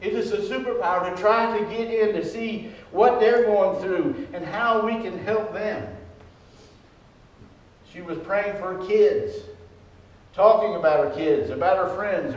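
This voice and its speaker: Older guy preaching, pretty high voice, lots of church echo. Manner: personal, conversational preaching. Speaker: pastor. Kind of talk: sermon. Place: church sanctuary. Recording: echoey church, distant mic.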